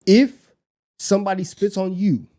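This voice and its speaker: A young man co-hosting a casual sports podcast, talking in an animated way and often repeating and restarting his phrases. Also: high voice, a little slow. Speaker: podcast co-host.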